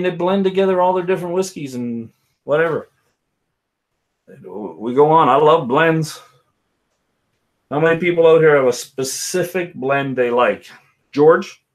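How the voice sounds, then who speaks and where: Rambling man hosting a whisky livestream. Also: a little high. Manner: rambling, chatty, addresses chat viewers by name. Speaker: livestream host. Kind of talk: casual live-stream chat with viewers.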